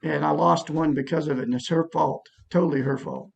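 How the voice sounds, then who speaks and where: A man's voice: fairly high pitch, fairly even intonation, brisk, vocal fry, breathy edge. A middle-aged man telling a long personal story in a rambling, aggrieved way, with many restarts. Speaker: vlogger. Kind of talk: casual personal monologue.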